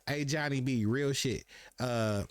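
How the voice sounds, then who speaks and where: A young man hosting a live podcast, talking in relaxed, slangy fashion and jumping into other people's voices as he tells a story. His voice sits at a middle pitch and is recorded dry and close on a streaming mic. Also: slow pace, dry recording. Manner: laid-back slangy storytelling, acts out quotes. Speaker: podcast host. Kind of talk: casual streamed chat.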